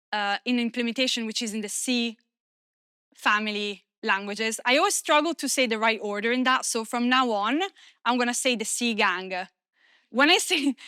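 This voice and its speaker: Italian-native woman doing a conf talk, bright voice, dry close mic, chatty and jokey. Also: fairly high pitch, clean tone, no echo. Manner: lively and self-deprecating, many fillers. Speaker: conference speaker. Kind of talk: conference talk.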